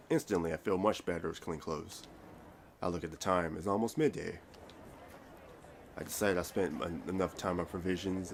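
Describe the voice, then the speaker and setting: A man's voice: deep voice, a little hiss or hum. A man reading a visual novel aloud, rambling and stumbling over words with self-mocking asides. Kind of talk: reading a game aloud with commentary.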